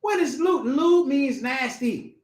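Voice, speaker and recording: A male preacher with a very high, lively voice that swings up and down as he teaches. He talks in a loose, colloquial way, throws questions at his listeners and repeats his points. The sound is roomy and echoey. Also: takes it slowly. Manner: animated, asks the congregation questions, laughs often; colloquial, repeats key phrases for emphasis. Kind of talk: informal sermon teaching. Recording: echoey room.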